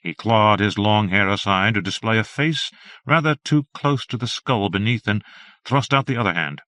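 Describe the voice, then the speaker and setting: A man reads a horror story aloud in a measured, steady manner. His voice sits fairly low. The recording is dry, with no room sound. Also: no room sound. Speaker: audiobook narrator. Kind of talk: scripted narration.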